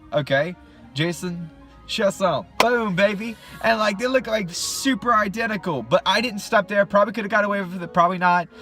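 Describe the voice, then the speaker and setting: A man's voice: sits high, pushed and bright. A man telling a funny childhood story in a casual vlog, talking animatedly and joking straight to the camera.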